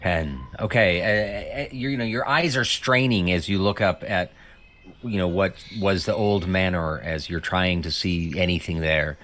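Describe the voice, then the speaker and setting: A man with a low, deep voice narrates a tabletop game as its game master. He talks in a loose, unhurried way, circling back with fillers as he sets the scene. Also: a bit bright, a little hiss or hum.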